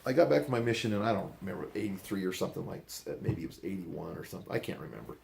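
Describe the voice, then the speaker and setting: An older man tells a story in a loose, rambling way and says things bluntly. His voice sits a little low, with a gravelly edge. He slips into the voices of the people in the story as he goes. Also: lively intonation, racing, darkish tone, a little hiss or hum. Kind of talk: casual storytelling.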